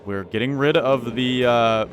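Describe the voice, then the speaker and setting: A man's voice: mid-range voice, measured pace, noisy background. A man commentating his own gameplay, talking anxiously to his characters and repeating his lines. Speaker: gaming YouTuber.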